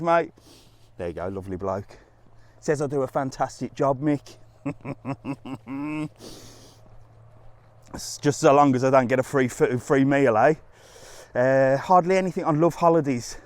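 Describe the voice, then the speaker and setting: A man's voice: a little high, expressive, moderate pace, long pauses, no echo. A man hosting a live travel stream outdoors on a resort street, chatting to viewers, ranting and laughing often, with some swearing.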